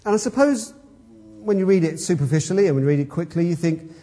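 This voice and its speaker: A man's voice: a little high, lively intonation, fast, dark tone. A man preaching an expository sermon, emphatic and fond of rhetorical questions.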